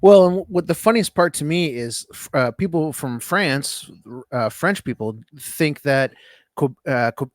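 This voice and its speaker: A man's voice: a little high, lively intonation, measured pace, no room sound, studio quality. A man co-hosting a podcast in casual chat, rambling and joking with frequent restarts. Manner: rambling and jokey, many restarts. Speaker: podcast co-host.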